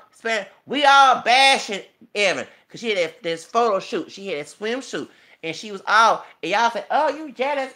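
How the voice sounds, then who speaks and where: A man's voice: high-pitched, bright, forceful tone. A man ranting emotionally and profanely in his own vlog, delivering celebrity gossip commentary. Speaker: YouTuber.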